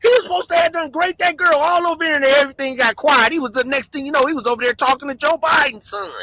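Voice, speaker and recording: Excitable high-voiced man ranting loudly. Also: quick pace, no room sound, rough recording. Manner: loud, excitable, swings between shouting and mumbling, laughs often. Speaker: livestream host. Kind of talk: animated livestream rant.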